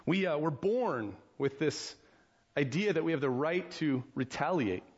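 A man's voice: on the high side, expressive, unhurried, slightly rough, dull audio. An American man preaching a sermon as pastor, conversational, with frequent restarts and rhetorical questions to the congregation. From United States.

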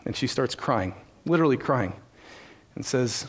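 A man's voice: mid-range voice, expressive, moderate pace, slightly rough. A man preaching a sermon in an ordinary mid-range voice. He starts out telling stories in a loose, conversational way, full of small fillers. He then builds into earnest, emphatic teaching. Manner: frequent "uh" and "and so" fillers. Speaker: pastor.

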